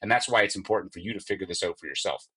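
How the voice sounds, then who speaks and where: A man with a husky voice, hosting an energetic, emphatic motivational podcast and telling stories with quoted dialogue. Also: sits low, very fast, low-quality recording. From Canada. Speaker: podcast host and mortgage coach. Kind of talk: motivational solo podcast talk.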